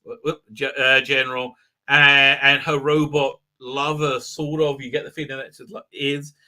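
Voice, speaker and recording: A man's voice: medium pitch, little pitch movement, moderate pace, bright, forceful tone. A man hosting a live stream, ranting sarcastically with many filler sounds. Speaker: host.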